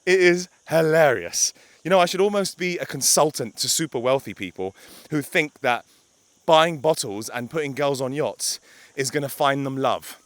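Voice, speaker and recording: A man's voice: mid-range voice, expressive, moderate pace, no room sound. A young man talking to camera outdoors by a beach, a blunt, emphatic life coach who swears for emphasis.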